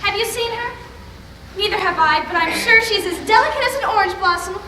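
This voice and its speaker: A woman's voice: very high-pitched, fairly quick. A young woman playing a gushing lady-in-waiting. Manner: breathless, excited gushing. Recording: echoey hall with noisy live ambience.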